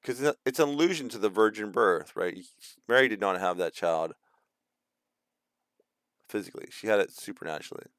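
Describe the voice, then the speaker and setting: A man's voice: fairly low pitch, fairly quick, pauses often, a bit bright, dry recording. A man in his thirties, casually ranting in a rambling monologue full of fillers and restarts. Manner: acts out quoted voices mockingly. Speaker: video host.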